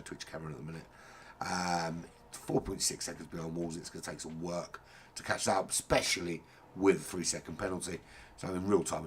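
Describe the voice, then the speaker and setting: Husky-voiced man with a sore throat commentating a race. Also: fairly low pitch, bright, forceful tone. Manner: rambling, jokey, swears casually. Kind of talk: casual live sim-racing commentary.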